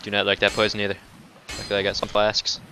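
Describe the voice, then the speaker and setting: A man doing casual let's-play commentary, cursing and taunting enemies, dropping to mutters and then breaking into loud outbursts. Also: fairly low pitch, monotone, quick pace, over music. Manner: profane, talks back to enemies, swings between mutters and outbursts. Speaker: gameplay commentator.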